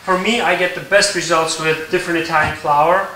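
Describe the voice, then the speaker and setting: A man teaching a recipe in his kitchen, explaining each step in a relaxed way and checking in with "okay?". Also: a little high, brisk, echoey room, distant mic, a little hiss or hum, low-quality recording. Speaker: home baker teaching a recipe. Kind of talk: casual cooking tutorial. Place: home kitchen.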